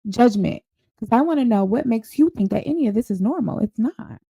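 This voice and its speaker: A woman's voice: fairly high pitch, animated, fairly quick, creaky, warm tone, husky, no echo, rough recording. A woman hosting a reaction show, giving casual commentary in a blunt, incredulous, scolding way. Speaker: host reacting to a clip.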